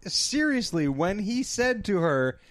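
A man co-hosting a casual comedic podcast, throwing in crude, quick wisecracks. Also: high voice, very animated, a bit bright. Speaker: podcast co-host.

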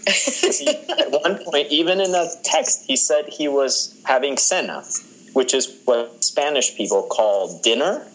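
A man's voice: a little high, sing-song, unhurried, fairly bright tone, poor audio. Chatty man rambling with amused asides. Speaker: podcast co-host. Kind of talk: casual chat.

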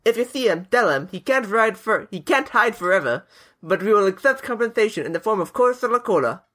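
A man putting on a Cockney accent to voice a blustery middle-aged English gentleman, mock-pompous and laughing through it. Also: sits high, animated, a little fast, exaggerated voice. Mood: mock-stern. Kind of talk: podcast banter.

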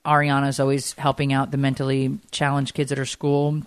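A woman's voice: a bass voice, monotone, a little fast, clean tone, dry recording. A woman co-hosting a podcast in casual chat, candid and chatty, swearing freely and filling her talk with "like.". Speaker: podcast co-host.

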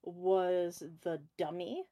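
A woman's voice: lowish voice, extremely slow, crowd noise. A woman in casual chat with friends, thinking aloud and searching for her words.

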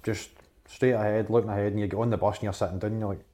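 A Scottish former footballer telling dressing-room stories in a casual chat, acting out other people's lines and swearing freely. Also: male voice, lowish voice, rapid-fire. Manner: animated storyteller, swears a lot, acts out quotes.

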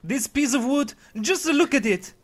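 An old carpenter with a thick Eastern European accent, eager and quick to tremble with fright, as a man puts him on while reading a storybook. His voice climbs high and wavers, swinging widely in pitch. The telling is theatrical and a touch hammy. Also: very animated, a crowd in the background. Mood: frightened. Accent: Eastern European (put on).

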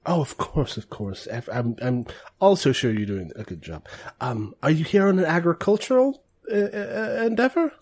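GM doing a nosy clergy woman, conspiratorial and prim, husky with a lively up-and-down voice. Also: low voice, moderate pace, pitched above the performer's own voice. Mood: chatty. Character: gossipy middle-aged woman of the royal clergy.

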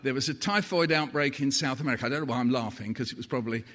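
A man's voice: medium pitch, racing, a bit bright. A man in his seventies giving a playful live storytelling talk, slipping into voices for the people he quotes. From Britain. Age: 70s. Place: stage in a large hall. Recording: long hall reverb.

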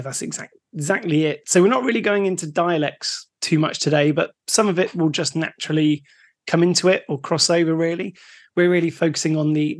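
A man from the West of England near Bristol with a West Country accent, co-hosting a podcast, easygoing, laughing often and explaining the topic. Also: fairly high pitch. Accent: West Country English. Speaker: podcast co-host. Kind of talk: casual podcast chat.

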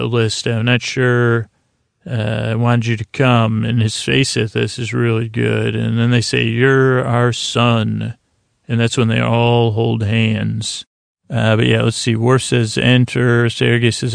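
A man hosting a sleep podcast, recapping a TV episode in a soft, meandering way with many fillers and restarts. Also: medium pitch, vocal fry, no room sound, studio quality.

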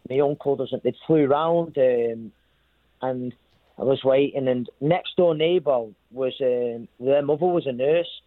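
A man's voice: medium pitch, measured pace, no echo. A man, a boxer recounting a story in an interview, rambling and repeating himself as he quotes others. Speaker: boxer telling his story. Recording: thin phone-like sound.

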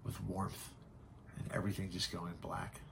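A man telling his own story as a podcast guest, frank and halting, swearing often. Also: low voice, flat delivery, vocal fry, a little hiss or hum. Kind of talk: candid personal storytelling.

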